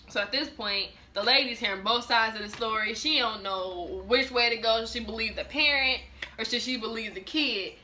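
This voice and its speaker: A young woman telling a personal story in a casual vlog, animated and emphatic, often repeating and restarting her words. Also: on the high side, moderate pace, faint music behind. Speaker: vlogger.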